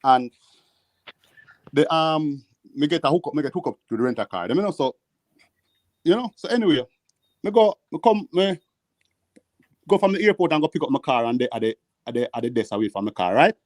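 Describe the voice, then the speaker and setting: A Jamaican man telling rambling, animated stories in patois during a casual panel chat. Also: fairly high pitch, fairly quick, pauses often, no echo, studio quality. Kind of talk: casual storytelling. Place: living in the United States.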